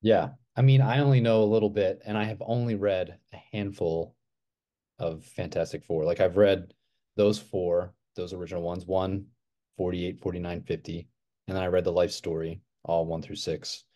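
A man with a low, deep voice joins a casual podcast chat as a guest. His tone is dark and mellow, and he talks in an easygoing, agreeable way. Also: fairly even intonation, moderate pace. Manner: agreeable, brief affirmations.

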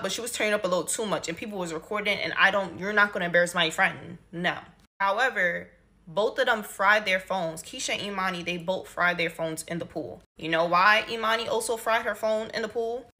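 A young woman telling a personal story to her phone camera in an animated, exasperated, slangy way. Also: fairly low pitch. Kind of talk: casual storytime monologue.

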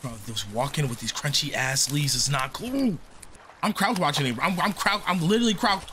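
A man's voice: a little high, very animated, quick pace, background noise. A young man doing casual let's-play commentary, jumpy and slangy, exclaiming often. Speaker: gaming streamer.

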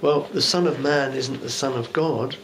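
A man's voice: medium pitch, moderate pace, a bit bright, slight background noise. Man giving a chatty Bible teaching. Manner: conversational and musing, with rhetorical asides. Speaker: bishop preaching. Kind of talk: informal Bible teaching sermon. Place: church.

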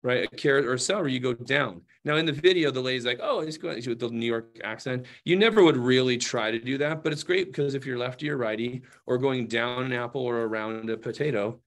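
Brief: man, mid pitch, casual workshop demonstrator, keeps asking "right?" and "okay?", jokey asides. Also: brisk, few pauses. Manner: chatty, checks in with "right?" and "okay?" often; playful asides while demonstrating. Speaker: knife demonstrator. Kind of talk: hands-on cooking demonstration.

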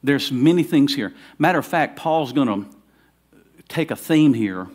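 A middle-aged pastor with a drawl delivers his sermon at a mid pitch. He talks in a loose, conversational way with restarts, then builds to loud, fervent emphasis. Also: animated, measured pace. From Southern United States.

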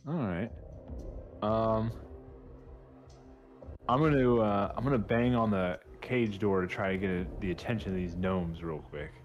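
A man's voice: on the low side, unhurried, long pauses, lo-fi sound, faint music behind. A man playing a tabletop game, reacting in character with bewildered swearing and jokes. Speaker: player.

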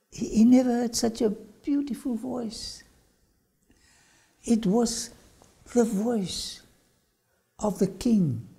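A man's voice: high voice, gravelly, mellow. A man preaching a dramatic sermon-style lecture, often dropping suddenly to a whisper. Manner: slow dramatic delivery with sudden drops to a whisper.

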